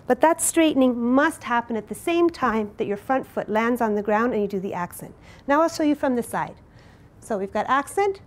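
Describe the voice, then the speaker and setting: A woman's voice: a little high, expressive, moderate pace. A middle-aged woman teaching a belly dance step, explaining it patiently and counting out each move. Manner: clear, patient, counting out moves.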